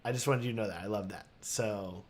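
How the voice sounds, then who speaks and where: A man's voice: fairly low pitch, fast. A man hosting a live video Q&A, talking casually and enthusiastically with lots of fillers and restarts. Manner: enthusiastic, rambling with many fillers. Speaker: host of live Q&A stream. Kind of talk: casual live-stream chat.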